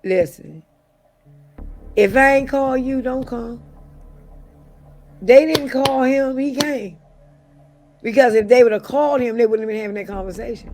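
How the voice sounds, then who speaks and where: A woman's voice: fairly high pitch, a little slow, pauses often, darkish tone, faint music behind. A middle-aged woman as an interview guest, talking bluntly and profanely, with mocking impressions of other people. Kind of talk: casual interview talk.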